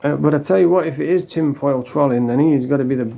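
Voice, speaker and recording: A man's voice: on the high side, fast talker, gravelly, dark tone. A middle-aged man ranting casually to camera as the host of a commentary channel, blunt and scornful, swearing freely and restarting his sentences.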